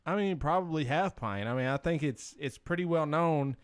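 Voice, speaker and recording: A man's voice: a little high, normal speed, clear, resonant tone, dry recording. A man co-hosting a podcast, talking in a casual, teasing way with crude jokes. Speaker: podcast co-host. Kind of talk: casual chat.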